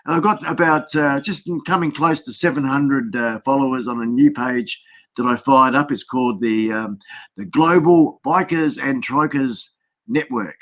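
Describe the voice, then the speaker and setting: A man's voice: medium pitch, normal speed, a bit bright. An Australian man hosting a casual live stream, chatting in a rambling way and greeting viewers by name, speaking into a built-in webcam mic.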